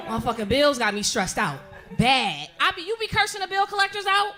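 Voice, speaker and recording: A woman's voice: high voice, brisk, hardly any pauses, crowd noise, background noise. A woman in her thirties doing a brash, profane stand-up set on stage, laughing through her lines. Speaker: stand-up comedian. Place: comedy stage before a live audience.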